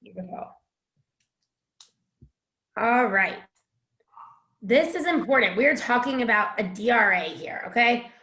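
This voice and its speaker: A woman's voice: on the high side, animated, takes it slowly, pauses often, bright, forceful tone. Frank, casual woman teaching, roomy sound. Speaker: instructor.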